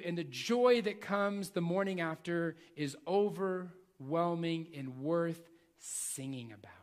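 A man preaching a sermon, reading scripture aloud and pressing his points with earnest repetition. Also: fairly high pitch.

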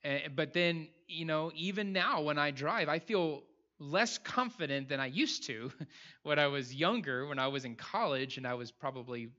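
A man's voice: fairly high pitch, expressive, moderate pace, pushed and bright, lo-fi sound. A man preaching a sermon in a conversational way, often restarting his phrases. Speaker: pastor.

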